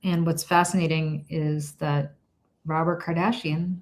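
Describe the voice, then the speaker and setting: A middle-aged woman co-hosting a talk show, telling an animated story with laughs and some swearing. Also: sits low, measured pace. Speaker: podcast co-host. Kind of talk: casual chat.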